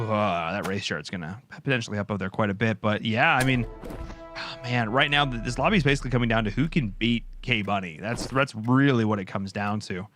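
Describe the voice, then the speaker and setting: A man's voice: mid-range voice, fairly bright tone. A man giving live esports commentary, jokey and rambling, full of fillers and asides. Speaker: esports caster.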